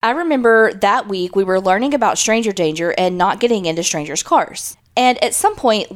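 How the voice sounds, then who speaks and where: A woman podcast co-host joking around and reading a listener email aloud. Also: mid-range voice. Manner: joking, self-deprecating banter.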